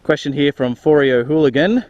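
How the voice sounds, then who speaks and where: A young Australian man answering viewer questions for his motorcycle vlog, relaxed and chatty, recorded outdoors on an action camera. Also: fairly high pitch, moderate pace, no echo, lo-fi sound. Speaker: motorcycle vlogger. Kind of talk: casual Q&A vlog. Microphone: action camera onboard mic. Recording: loud wind and road noise on a camera mic.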